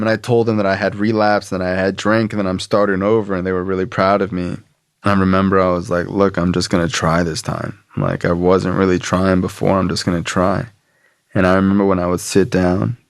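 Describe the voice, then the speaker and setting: A man's voice: lowish voice, steady tone, brisk, gravelly, dry recording, studio quality. A young man telling a long personal story in casual talk, swearing and acting out what others said. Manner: rambling, profane, acts out quotes. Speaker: podcast guest.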